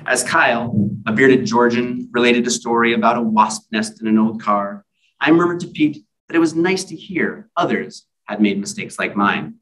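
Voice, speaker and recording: A man's voice: medium pitch, normal speed, a bit bright, distant mic, low-quality recording. A man, an author at a library event, reading his own comic stories in a wry, self-deprecating way with casual asides.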